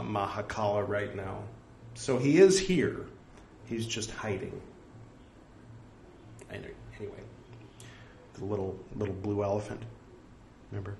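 A man reads old scripture aloud at a medium pitch, calling out every quote mark and ellipsis as he goes. Between passages he drifts into loose, chatty remarks. The sound carries a noticeable room echo. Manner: reads out punctuation such as quote and three dots; casual asides full of fillers like "like" and "you know". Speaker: scripture reader. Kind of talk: reading aloud with casual commentary. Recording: echoey room.

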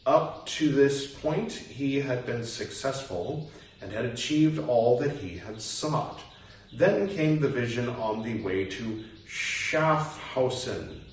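A man reads slowly in a low voice and keeps stopping to ask questions about the text. He sits back from the mic in a very echoey room. Faint noise hums behind him. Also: expressive. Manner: reads aloud, stops to muse and question. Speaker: reader and commentator. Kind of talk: casual reading with commentary. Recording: roomy echo, distant mic, faint noise.

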